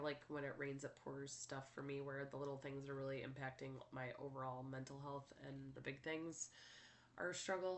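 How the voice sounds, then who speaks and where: Stuffed-up young woman vlogging, low voice, rambly and open, lots of ums. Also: a little hiss or hum. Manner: candid and rambling, many fillers. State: congested, stuffy nose. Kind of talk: casual personal vlog.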